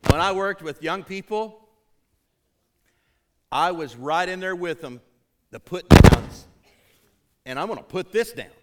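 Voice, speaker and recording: A man preaching a sermon to his congregation, emphatic, rising to urgent peaks and dropping low, calling out for responses. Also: lively intonation, measured pace, pauses often, slight background noise. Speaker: pastor.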